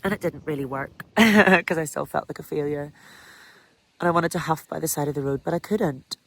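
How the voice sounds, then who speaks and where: A woman's voice: low-pitched, moderate pace. An Irish woman vlogging candidly and emotionally about a hard cycling challenge. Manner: emotional, candid, breaks into laughter. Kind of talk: candid personal vlog.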